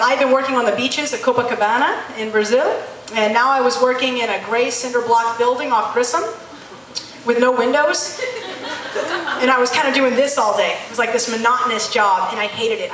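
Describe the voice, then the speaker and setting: A woman's voice: fairly high pitch, a bit bright, a little hiss or hum. A woman in her late twenties gives a candid personal testimony in church as a missionary. She tells her story plainly, acts out the dialogue and uses frequent ums. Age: late 20s. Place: large church hall. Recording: echoey hall, heard from far off.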